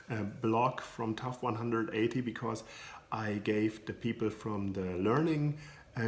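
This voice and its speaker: Slow man with a German accent. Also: medium pitch. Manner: hesitant, many filler sounds, non-native phrasing. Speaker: coach. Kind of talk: educational video talk. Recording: echoey room.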